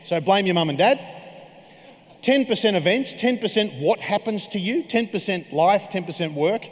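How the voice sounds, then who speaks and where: A man's voice: sits high, lively intonation, moderate pace. Jokey man giving a keynote. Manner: jokey, conversational storytelling. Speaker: keynote speaker. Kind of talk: keynote speech. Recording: reverberant hall.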